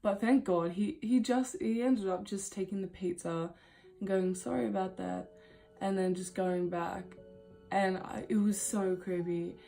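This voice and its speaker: A woman with a soft, mellow voice tells a casual storytime to camera, rambling and chatty. She laughs often and drops casual swear words. Faint music plays quietly behind her. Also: medium pitch, fairly even intonation, measured pace. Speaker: vlogger.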